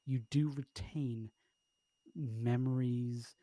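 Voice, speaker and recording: A man's voice: medium pitch, steady tone, extremely slow, warm tone, no echo. An Irish man co-hosting a podcast, chatting casually, blunt and swearing freely. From Ireland. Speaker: podcast co-host. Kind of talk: casual chat.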